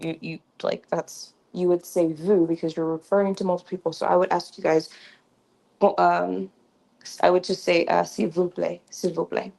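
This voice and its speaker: A woman's voice: on the low side, level tone, moderate pace, vocal fry, darkish tone, rough recording. A woman hosting a casual livestream lesson, chatty and repetitive with many ums and restarts, on a slightly fuzzy mic. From Creole. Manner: chatty, repeats phrases, frequent ums and restarts. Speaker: livestream host teaching basic French. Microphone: new mic with a fuzzy sound.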